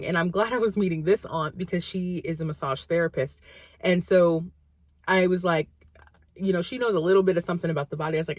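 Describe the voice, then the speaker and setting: Chatty young woman, low voice, dry sound. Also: fairly quick, dry recording. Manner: chatty, rambling, full of "like" fillers. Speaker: vlogger. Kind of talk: casual storytelling.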